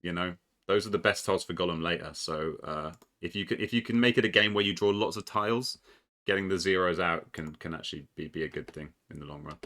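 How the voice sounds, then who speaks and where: A man commentating a recorded board game match in a casual, excitable way, with plenty of ums, restarts, laughs and the odd swear. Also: sits low, quick pace.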